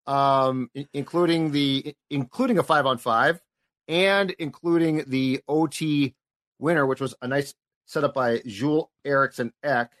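A man's voice: medium pitch, measured pace, fairly bright tone. A man hosting a sports podcast, leading the talk and asking questions. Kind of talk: casual sports podcast chat.

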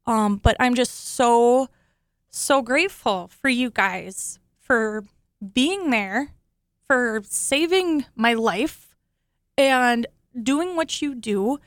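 A woman's voice: a little high, expressive, drawn-out words, dry recording, studio quality. Chatty, emotional woman host. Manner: chatty and emotional, laughs often. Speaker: show host, accident survivor. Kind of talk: grateful casual studio talk. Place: studio.

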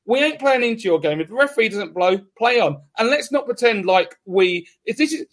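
A man hosting a podcast speaks with a notably high voice. He argues his point with force and insistence, pressing each claim hard. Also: expressive, a little fast. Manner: emphatic, argumentative. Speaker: podcast host. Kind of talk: casual podcast chat.

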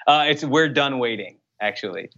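A young man answering interview questions as a political candidate, in an earnest, brisk way with frequent fillers. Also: mid-range voice, animated, fairly bright tone. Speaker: congressional candidate. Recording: dull lo-fi sound.

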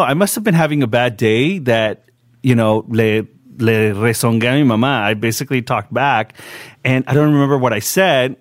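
A man's voice: medium pitch, dry recording. A young man hosting a casual radio chat, talkative and slipping Spanish words into his English, recorded in a studio. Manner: chatty, mixes in Spanish words. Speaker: radio show host.

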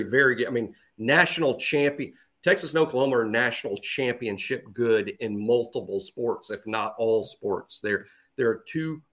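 A man co-hosts a sports podcast in casual chat. He is opinionated and emphatic, repeating phrases to drive his points home, in a plain middle-pitched voice. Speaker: podcast co-host.

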